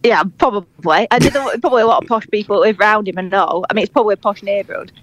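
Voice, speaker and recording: A woman's voice: medium pitch, rapid-fire, no echo. A woman with a Yorkshire accent co-hosting a podcast in casual chat, blunt and teasing, laughing often. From Yorkshire, England. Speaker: podcast co-host.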